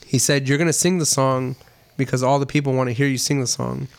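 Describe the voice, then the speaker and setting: A man's voice: medium pitch, fairly even intonation, a little fast, gravelly, no room sound. A man hosting a casual chat with friends, talking loosely and chuckling, a bit loose after a few beers. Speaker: podcast host running a song countdown.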